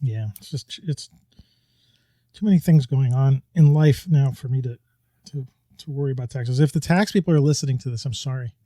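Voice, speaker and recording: Recorded at home in New York with studio quality and no echo, this middle-aged podcast co-host has a warm, mid-range voice at normal speed. He keeps the conversation casual and chatty, wandering off on tangents and laughing frequently.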